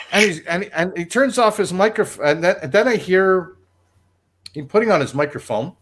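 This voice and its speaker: This man has a high voice with a breathy edge and speaks at normal speed. A former radio producer, he tells a long, meandering story on a livestream, animated and laughing at his own anecdote.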